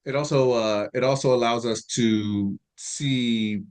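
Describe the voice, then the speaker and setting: A man in his forties in a sales discussion, explaining in a relaxed, practical way. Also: mid-range voice, a little slow, clean tone. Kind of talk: casual group discussion.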